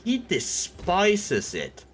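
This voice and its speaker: A man's voice: sits high, wildly swooping pitch, drawn-out words, fairly bright tone, soft background music. A young man streaming, retelling a story in a rambling, comedic way with lots of filler words and swearing.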